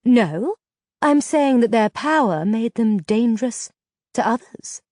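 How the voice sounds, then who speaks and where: A woman reader voicing a powerful sorceress who speaks slowly and calmly. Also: on the high side, no echo, clean studio sound. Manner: slow, calm, measured. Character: calm, cold, powerful older sorceress.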